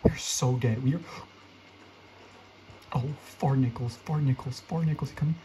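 A young man giving excitable live commentary while playing a game, his voice jumping up high when he gets scared. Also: a little slow, pauses often, background noise. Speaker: gaming video creator.

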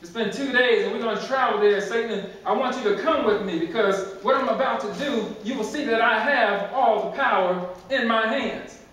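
A man voicing a calm, commanding Jesus in a sermon story, speaking steadily. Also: very high voice, moderate pace, few pauses. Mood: assured. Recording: very echoey church, distant mic.

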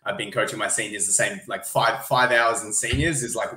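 A man's voice: on the low side, steady tone, a little fast, echoey room, crowd noise, low-quality recording. An Australian man, a gymnastics coach, answering interview questions in a friendly, easygoing way. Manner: friendly, easygoing, self-correcting restarts. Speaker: gymnastics coach, podcast guest.

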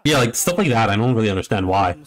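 A man's voice: fairly low pitch, big pitch swings, fast. A young man giving a casual play-by-play reaction, rambling and joking with frequent exclamations. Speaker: reaction commentator.

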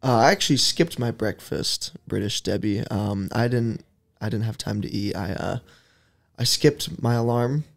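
A man who produces a podcast, interviewing its host in a studio, talking in a laid-back, rambling way that often trails off quietly. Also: lowish voice, normal speed, vocal fry. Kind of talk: casual interview chat.

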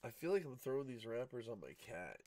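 A groggy man commenting as he opens card packs, his talk low-key and close to a monotone. He has just woken up, and his voice sits at a middling pitch for a man. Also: a little fast. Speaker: card-opening channel host. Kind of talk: casual pack-opening commentary. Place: home room at night, cat nearby.

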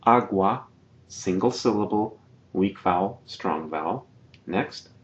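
A man teaching a slide-based video lesson, patiently explaining and repeating each example word slowly. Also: low-pitched, dull audio. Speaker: Spanish teacher.

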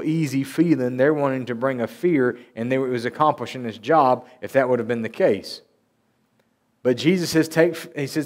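A man preaching at a church service. He talks in an earnest, conversational way and lifts his voice when he reads scripture aloud. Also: on the high side. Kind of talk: sermon with Bible reading.

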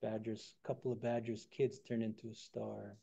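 A man retelling a traditional story during a lecture, relaxed and conversational, acting out the characters. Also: lowish voice, moderate pace, vocal fry, breathy edge, dull audio. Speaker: guest speaker.

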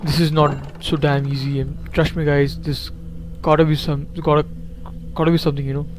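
A man's voice: on the high side, flat delivery, brisk, background noise. Jittery man nervously narrating a horror game. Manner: jittery, repeats himself, talks to viewers. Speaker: gameplay commentator.

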